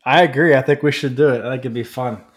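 A man from the United States co-hosting a podcast, telling long rambling stories, often laughing and growing animated as he rants. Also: medium pitch, fast. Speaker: podcast co-host. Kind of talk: casual chat.

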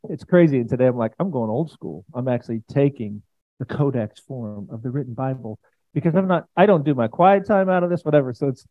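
A pastor preaches a conversational sermon in a church, chatty and enthusiastic, with frequent asides to the congregation. His voice is medium-pitched and quick, with no echo, and the recording sounds dry and tinny, like a phone.

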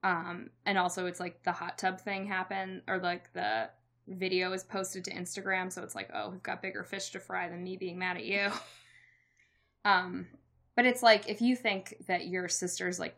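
Chatty young woman recapping a movie. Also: on the low side. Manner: animated storyteller, acts out quotes, frequent "like" and laughs. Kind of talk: casual chat recapping a movie.

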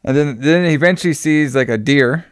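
A man chats through a film plot in a loose, rambling way, full of fillers and casual swearing. His voice is smooth and clear, recorded close and dry with no room sound. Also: a little high, a little fast, dry recording. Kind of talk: casual movie recap chat.

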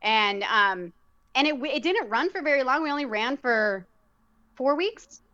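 A woman with a fairly high voice talks casually as a guest, reflective and a little halting, full of ums as she finds her words. The recording is muffled and lo-fi. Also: lively intonation, bright, forceful tone. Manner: reflective, searching for words with many fillers. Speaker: guest, theater director and actor. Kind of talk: casual conversation. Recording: dull lo-fi sound.

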